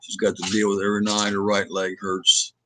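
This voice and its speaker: A man hosting a casual livestream from home, rambling and reading viewer comments out loud with lots of hesitant fillers. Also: lowish voice, completely flat delivery, fairly quick, a little hiss or hum. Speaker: livestream host. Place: at home with his dog.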